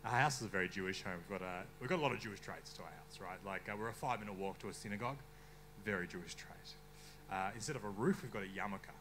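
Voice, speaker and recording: A young man with an Australian accent doing a stand-up comedy set on a bar stage, deadpan with sudden outbursts. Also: on the low side, quick pace, slight background noise. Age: young adult. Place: bar stage before a live crowd.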